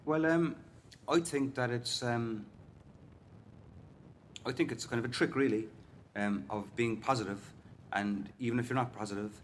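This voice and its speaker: A man's voice: mid-range voice, steady tone, moderate pace, slight background noise. A middle-aged man with a Cork Irish accent, a singer-songwriter guest rambling chattily in an interview. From Cork, Ireland. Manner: rambling and chatty, full of "like" and "you know". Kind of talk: casual interview chat.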